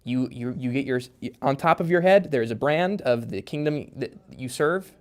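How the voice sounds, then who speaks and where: A man speaking as a guest author in a casual podcast conversation. His pitch sits in the ordinary middle range. He rambles and restarts, padding his explanations with fillers. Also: lively intonation, moderate pace, clean tone.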